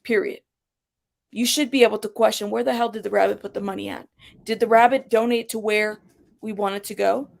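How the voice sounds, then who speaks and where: A woman's voice: mid-range voice, steady tone, brisk, creaky. A woman hosting her own commentary channel, talking bluntly and sarcastically and swearing freely. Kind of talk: casual commentary.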